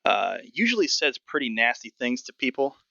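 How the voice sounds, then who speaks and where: A man narrating as game master of a tabletop game, relaxed and descriptive, with many fillers. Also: medium pitch, normal speed, gravelly, no room sound, lo-fi sound.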